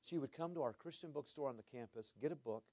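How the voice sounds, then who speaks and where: A man preaching from the pulpit with earnest feeling. His voice sits at a middle pitch and sounds close and dry. He often repeats his words and drops from loud to hushed. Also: quick pace, no room sound. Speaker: pastor. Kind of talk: sermon storytelling.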